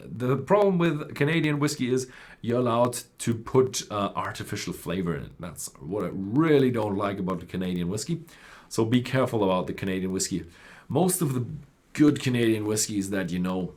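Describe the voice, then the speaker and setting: A man explaining whisky types in loose, rambling talk, full of fillers and self-corrections. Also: fairly low pitch. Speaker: whisky presenter. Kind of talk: unscripted explainer.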